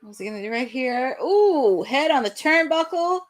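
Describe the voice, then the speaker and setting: An excitable young woman hosts a live watch-along, talking through the action as it happens. Her voice sits fairly high and swings widely up and down, and she breaks into shouts when the action peaks. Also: normal speed. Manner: excitable, bursts into shouts at big moments.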